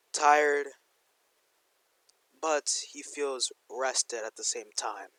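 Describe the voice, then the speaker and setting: A man's voice: mid-range voice, a bit bright, dry recording, poor audio. Rambling young man telling fan fiction. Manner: rambling, slangy, full of "like". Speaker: fan storyteller. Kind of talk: casual fan-fiction narration.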